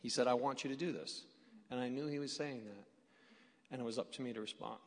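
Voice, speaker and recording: A man on a panel, a former foster parent, talking haltingly and self-deprecatingly before an audience. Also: mid-range voice. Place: large hall with an audience. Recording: hall reverb.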